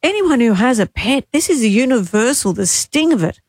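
Australian woman, 60s, radio co-host, grieving and tearful, halting, high-ish voice, dry close mic. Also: expressive, darkish tone, slightly rough, dry recording. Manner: halting and emotional, with many restarts. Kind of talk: breakfast radio chat. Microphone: studio microphone.

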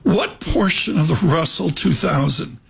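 A man hosting live financial news, brisk and chatty as he thanks guests and reads markets. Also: a little high, very animated, gravelly, husky. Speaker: news anchor.

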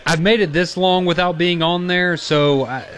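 A man's voice: high-pitched, fairly even intonation, moderate pace, fairly bright tone. A man co-hosting a sports talk radio show, making dry, wry remarks. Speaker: radio co-host. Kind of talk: casual radio banter.

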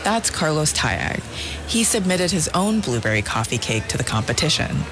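A woman reporter narrating a scripted radio feature in a lively, storytelling way. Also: sits low, normal speed, music in the background.

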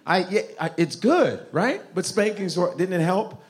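Brash stand-up comic man, lively pitch. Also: normal speed. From Africa. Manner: loud, brash, swearing, acts out his parents. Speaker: stand-up comedian. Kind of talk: stand-up crowd work. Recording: noisy live club recording.

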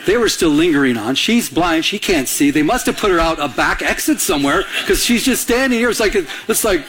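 Animated pastor preaching a story. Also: male voice, sits high, brisk, slight background noise. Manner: animated storytelling, laughs at himself. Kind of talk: sermon with a personal story.

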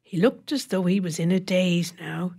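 A woman narrating a short story in a measured, wry storytelling voice. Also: fairly low pitch, vocal fry, mellow, husky. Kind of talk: reading a short story aloud.

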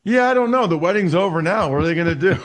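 A fast-talking man in his forties from Pennsylvania tells stories casually as an interview guest. His voice sits a bit high for a man, and he's animated, often restarting sentences with repeated words.

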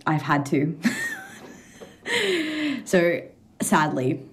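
Low-voiced giggly Australian woman. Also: extremely slow. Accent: Australian, slightly anglicised. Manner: giggly, relaxed, laughs often. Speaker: musician and producer guest. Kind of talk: casual interview chat.

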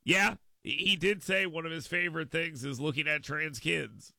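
A man with a bright, gravelly voice sits at a studio mic and hosts a political talk radio show. He talks in a lively, dry-sounding way, acts out other people's voices, and restarts and corrects his own words as he goes. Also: a little high, moderate pace, no room sound.

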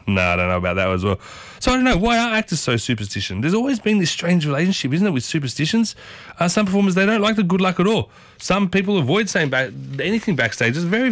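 A man's voice: high voice, very animated, quick pace, fairly bright tone, no echo. Chatty radio host man. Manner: chatty and enthusiastic, repeats "very interesting". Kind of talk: casual radio chat. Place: radio studio.

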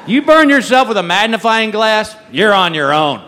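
A man's voice: sits high, very animated, normal speed. A middle-aged man doing stand-up, telling self-mocking stories and laughing at his own jokes. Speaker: stand-up comedian. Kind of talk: stand-up comedy routine. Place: large venue with a live audience. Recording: live crowd noise, loud ambience.

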